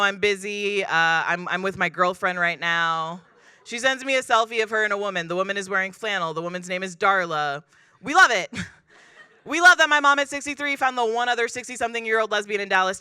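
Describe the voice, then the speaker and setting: Bright, dry-voiced woman doing stand-up. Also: fairly high pitch, smooth, dry recording. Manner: deadpan, self-deprecating, acts out quoted people. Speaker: stand-up comedian. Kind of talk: stand-up comedy set. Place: comedy club stage.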